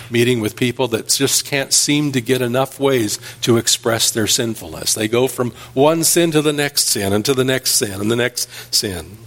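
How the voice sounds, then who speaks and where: A man preaching an earnest sermon as pastor, telling stories and building emphasis. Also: medium pitch.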